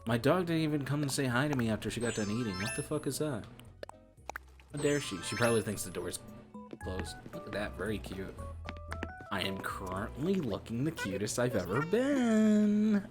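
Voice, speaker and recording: A woman's voice: very deep voice, lively intonation, normal speed, long pauses. A woman in her twenties streaming a game, chatting casually with profane, giggly, rambling commentary over game music. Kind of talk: casual gameplay chat.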